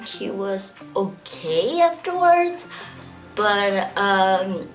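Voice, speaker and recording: Twenties woman, casual vlog storyteller, giggly and chatty, soft music bed. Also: medium pitch, animated, slow pace. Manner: chatty, fills speech with "like" and laughs. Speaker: vlogger.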